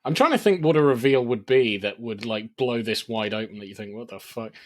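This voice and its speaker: A man's voice: mid-range voice, expressive, a little fast. A man co-hosting a film review podcast in casual chat, acting out reactions with sudden exclamations. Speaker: podcast co-host reviewing films.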